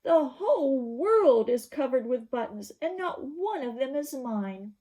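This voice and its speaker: A man's voice: high voice, sing-song, moderate pace, vocal fry, a little mellow, exaggerated voice. A woman doing Toad, a whiny, upset storybook toad. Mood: shouting. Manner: whiny, complaining. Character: fussy, upset toad who lost his button. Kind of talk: children's storybook read-aloud.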